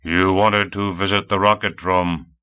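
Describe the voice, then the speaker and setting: A deep, droning android robot from an older world, as a male narrator puts it on. He answers in a flat, literal monotone, and his tone stays crisp and bright. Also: measured pace.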